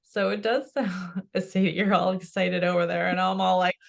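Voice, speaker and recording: A woman psychic medium chatting casually, excitable and laughing often as she passes on what a spirit tells her. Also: fairly low pitch, moderate pace, gravelly. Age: adult with a child. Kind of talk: casual chat.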